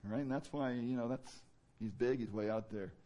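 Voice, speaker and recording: A man preaching a sermon in a conversational way, with many fillers, who now and then rises into loud, emphatic bursts. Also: mid-range voice, moderate pace, dull audio. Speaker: pastor.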